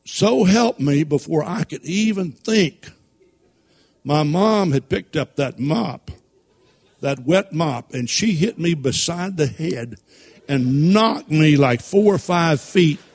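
A man preaching a sermon through folksy, animated personal stories and laughing at his own tales. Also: a little high, slow pace, breathy edge. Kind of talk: sermon storytelling.

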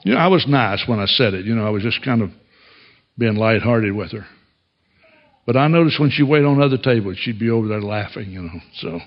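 A man's voice: on the low side, animated, brisk, lo-fi sound. A man preaching a sermon as a pastor, telling stories in a folksy way and chuckling often.

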